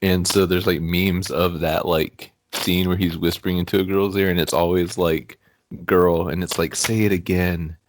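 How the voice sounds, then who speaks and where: A man's voice: low voice, flat delivery, normal speed, no room sound. A man co-hosting a casual podcast, telling rambling stories full of fillers. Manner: rambling storyteller, many fillers. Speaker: podcast co-host.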